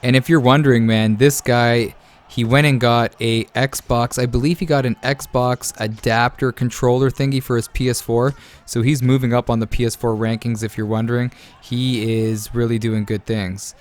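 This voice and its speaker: A man's voice: mid-range voice, moderate pace. Hyped-up male game commentator. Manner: energetic and hyping, keeps addressing his viewers. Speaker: video game tournament commentator.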